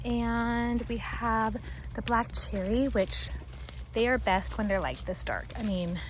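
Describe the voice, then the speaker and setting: Excitable higher-voiced woman rambling through a garden tour, faint outdoor hum behind. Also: takes it slowly. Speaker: homesteading garden vlogger. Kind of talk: casual walking garden tour.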